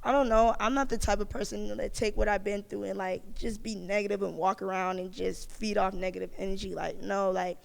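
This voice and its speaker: A man with a hoarse, cracking voice, chatting as a podcast guest in a laid-back, profane, upbeat way. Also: high voice, fairly even intonation, brisk, few pauses, in a large hall. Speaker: guest musician. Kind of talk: casual podcast chat.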